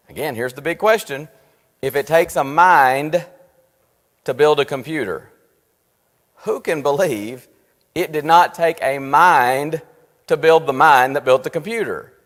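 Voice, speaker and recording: A man leading a church Bible study, earnest, asking rhetorical questions and slowing down to stress his points. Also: on the high side, fairly bright tone. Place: church meeting room. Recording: long reverb in a church room.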